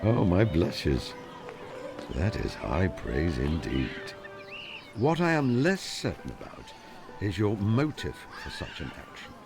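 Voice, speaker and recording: A retired Sherlock Holmes, deep and formal. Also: male voice, sing-song, gravelly, exaggerated voice. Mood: deductive. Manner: measured, formal deductive speech. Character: retired elderly male detective, precise and dry. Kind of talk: game voice acting. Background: game music.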